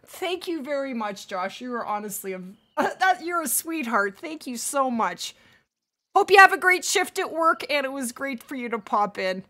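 A woman's voice: high-pitched, very animated, normal speed, pushed and bright. A woman streaming a hunting game live, chatting casually and thanking viewers by name.

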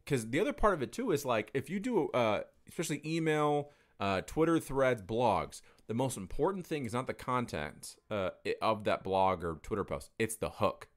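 A man's voice: mid-range voice, big pitch swings, normal speed, few pauses. A young adult man in casual conversation, talking candidly and rambling, swearing freely as he tells stories.

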